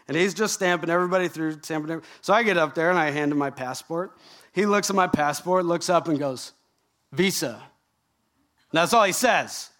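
A middle-aged man from Canada, a pastor giving a sermon, telling a story with lively rhetorical questions. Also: a little high, fast.

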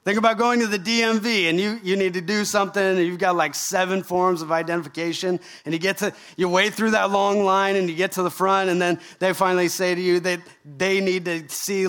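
A middle-aged man from Canada, a pastor giving a sermon, telling a story with lively rhetorical questions. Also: high-pitched.

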